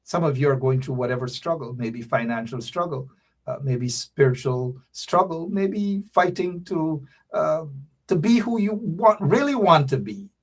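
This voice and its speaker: A man's voice: on the high side, animated, unhurried. A man hosting a live stream, talking straight to viewers in a preachy, repetitive way as he signs off. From Guyana. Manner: preachy, repeats phrases, addresses viewers directly. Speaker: show host. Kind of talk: casual live-stream sign-off.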